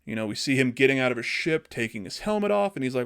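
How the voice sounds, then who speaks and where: Man, casual chat, storytelling, animated, average pitch. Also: fairly quick, hardly any pauses, clean tone. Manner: animated, acting out characters. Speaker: podcast host.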